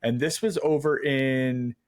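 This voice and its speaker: A man's voice: mid-range voice, fairly even intonation, takes it slowly. A man hosting a podcast, asking questions in an easygoing, casual way. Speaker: podcast host. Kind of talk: casual interview chat.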